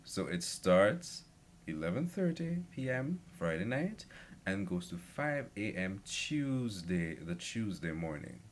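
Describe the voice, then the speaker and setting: Animated low-voiced man telling a story. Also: takes it slowly, a little hiss or hum. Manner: rambling, animated, lots of fillers. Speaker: vlogger. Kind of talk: casual storytelling.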